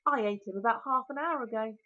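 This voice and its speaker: A woman's voice: a little high, fast talker, sharp tone. A woman with a British accent voicing a huge, smug male dragon who is grandly and cheerfully menacing, in a storybook reading. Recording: lo-fi recording.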